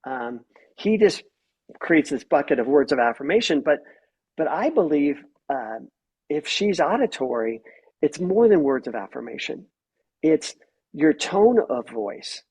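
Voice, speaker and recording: Husky-voiced man, animated guest therapist. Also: on the high side, a little slow. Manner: animated storyteller who acts out quoted voices. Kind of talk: podcast interview.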